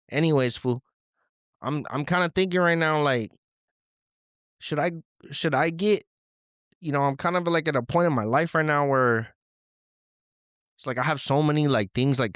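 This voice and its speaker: A man performs the voice of a young, slangy male caller rambling about his life with lots of fillers. The character voice is natural, mid-range and pitched above the performer's own. The sound is clean studio audio with no room sound.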